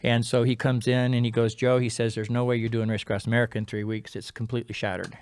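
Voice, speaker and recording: A man, a guest on a talk show, tells a personal story in a lively way, acting out the other people's lines and dropping to a hush at key moments. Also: mid-range voice, quick pace, smooth, no room sound, clean studio sound. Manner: animated, acts out quoted dialogue; drops to a quiet, hushed tone at key moments. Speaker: podcast guest. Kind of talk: storytelling in casual interview.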